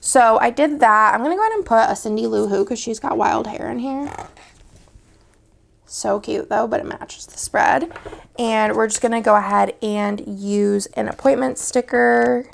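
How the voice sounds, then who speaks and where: A young woman from Texas talks casually while she decorates a planner. Her voice sits fairly high and has a heavy gravelly fry. She rambles through many fillers and restarts, and she sometimes drops to a soft murmur. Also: normal speed, slight background noise. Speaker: planner vlogger.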